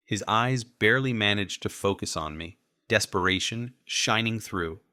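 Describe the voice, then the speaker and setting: A man narrating an audiobook in a measured, steady first-person read. His voice is very low yet bright and forceful. The sound is dry and close, from a studio booth. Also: no echo.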